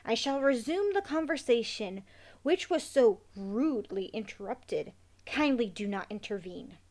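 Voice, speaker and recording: A stuffy, self-important talking rat with prim, sarcastic manners, as a woman reading the story puts him on. The voice sits fairly high and proper, like a fussy little gentleman in a storybook. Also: expressive, unhurried. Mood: haughty. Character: pompous, fussy male pet rat.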